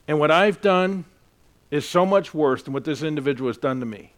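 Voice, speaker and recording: A man's voice: a little high, expressive, moderate pace, fairly bright tone. A man preaching a sermon as a pastor, earnest and emphatic as he tells a personal story.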